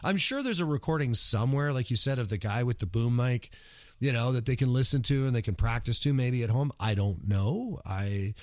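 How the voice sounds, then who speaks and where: Lively man joking on a podcast. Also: medium pitch, a little fast, no room sound, studio quality. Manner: lively, joking, playfully mocking. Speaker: podcast co-host. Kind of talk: casual podcast chat.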